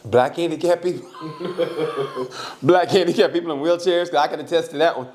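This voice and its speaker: Co-hosting a casual comedy podcast, a man with a fairly high voice tells stories at a moderate pace, laughing often and acting out the voices of the people he quotes. There is slight background noise.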